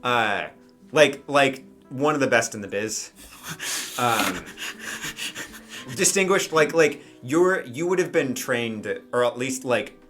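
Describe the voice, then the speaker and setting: A man's voice: medium pitch, animated, slow, a bit bright, faint music behind. A man running a tabletop role-playing game as game master, narrating loosely and using many fillers like "um" and "like".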